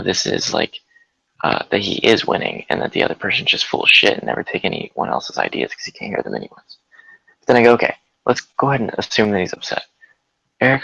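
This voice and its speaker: A man's voice: lowish voice, vocal fry, bright, forceful tone, dry recording, low-quality recording. A man in casual chat, rambling through a story with many fillers and laughing as he goes. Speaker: guest.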